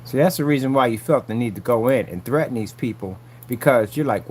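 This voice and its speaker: A man's voice: mid-range voice, brisk, few pauses, darkish tone, slight background noise. A man vlogging casually from a work site, taunting a rival in a boastful, repetitive way. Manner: taunting, boastful, repeats himself. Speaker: vlogger selling projection screen paint.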